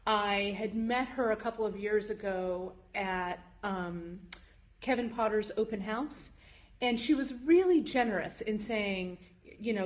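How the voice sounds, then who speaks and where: A woman's voice: mid-range voice, a little slow. A woman hosting a casual phone livestream from her jewelry studio, chatting with viewers with frequent "um"s. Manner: chatty, with frequent "um"s, reads and answers viewer chat. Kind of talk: casual live-stream chat.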